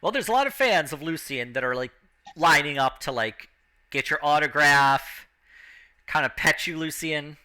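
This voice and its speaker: A man's slightly high, expressive voice leads a tabletop game as game master. His speech is peppered with fillers and pauses, and he shifts into loud announcer and crowd characters.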